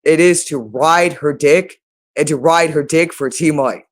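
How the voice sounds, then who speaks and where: A man with a slightly raised pitch speaks straight to his viewers in a rambling monologue. He sounds agitated and accusatory, and he circles back to the same phrases again and again. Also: measured pace.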